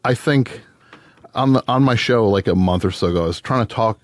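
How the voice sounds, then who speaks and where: A man's voice: fairly low pitch, fairly quick, no room sound. A man in casual podcast conversation, telling stories and acting out other people's voices. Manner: animated, acts out voices in stories. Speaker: podcast guest.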